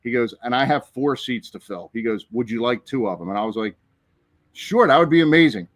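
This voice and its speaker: A man telling a story in casual chat on a podcast, animated and profane, acting out the people in it. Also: mid-range voice, brisk, no echo. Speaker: podcast co-host.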